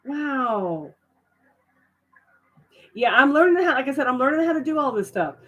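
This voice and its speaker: In a casual live stream, a middle-aged woman with a high-sitting voice chats with her viewers at a moderate pace. She tends to trail off into fillers, then break out in excited surprise.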